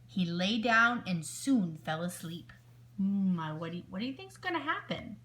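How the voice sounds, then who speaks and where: A woman teacher reading a picture book aloud to children, expressive and asking her listeners questions. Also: mid-range voice, moderate pace.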